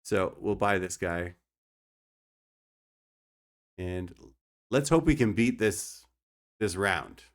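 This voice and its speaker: A man's voice: low voice, animated, slow, pauses often. A young man streaming a card game, explaining his moves and joking with his chat. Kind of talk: casual gameplay commentary.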